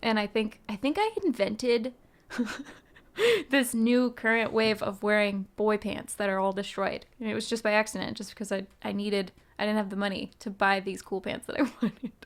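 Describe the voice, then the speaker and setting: A woman's voice: medium pitch, moderate pace. A woman streaming live, chatting casually with her viewers in a rambling way, with many "um"s and "like"s. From United States. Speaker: musician streamer. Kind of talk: casual livestream chat, answering chat.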